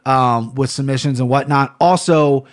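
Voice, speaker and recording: A man hosting a sports betting podcast in a loose, rambling way, stopping to correct himself and circling back to his point. His voice sits at an ordinary pitch and his talk is easygoing. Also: normal speed. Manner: chatty, self-correcting, rambling. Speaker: podcast host. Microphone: headphones on a studio setup.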